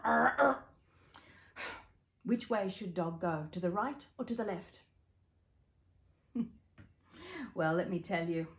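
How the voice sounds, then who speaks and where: A woman with an Australian accent telling a story to children, playful, asking the listeners questions and making sound effects. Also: mid-range voice.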